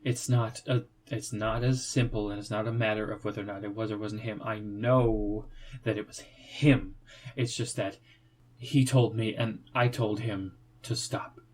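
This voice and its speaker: A man voicing a grieving fanged woman who was betrayed by her partner, speaking in a halting, stammering way. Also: on the low side, flat delivery.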